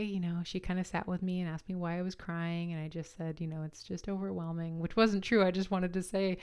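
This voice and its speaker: A young woman shares a personal story in an open, conversational way, laughing now and then as she goes. Her voice sits a little low and sounds smooth and clear. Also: a little mellow. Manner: candid, chatty, laughs while telling. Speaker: podcast host.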